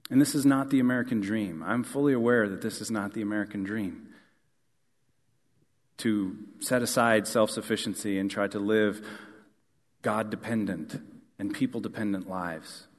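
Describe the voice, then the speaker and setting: A man preaching a sermon in an earnest way. He rises to emphatic questions and then drops to a soft, quiet close. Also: on the low side, steady tone, moderate pace, long reverb tail. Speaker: pastor.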